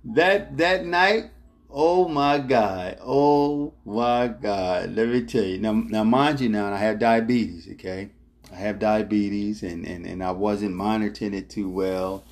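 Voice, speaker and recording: Calling his viewers "ladies and gentlemen," a middle-aged travel vlogger speaks straight to them while telling a casual, meandering story, chuckling and repeating words along the way. He talks slowly in a lowish voice.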